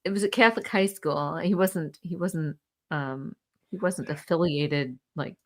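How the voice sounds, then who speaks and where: A woman's voice: deep voice, unhurried. A woman co-hosting a casual chat show over a video call. She is candid and swears, and she laughs often as she talks. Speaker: podcast co-host.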